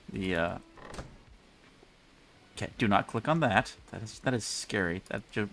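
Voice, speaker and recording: A man's voice: lowish voice, gravelly, a bit bright, a little hiss or hum. A man casually rambling through live gameplay commentary, chatty and self-mocking, speaking into a desk mic with a pop filter. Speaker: game streamer.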